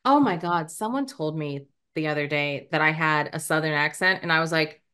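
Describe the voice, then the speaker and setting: American woman gabbing about a movie on a podcast, bright lowish voice, laughs a lot. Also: normal speed. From United States. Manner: animated, laughs often, acts out characters' lines. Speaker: podcast co-host. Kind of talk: casual movie review chat.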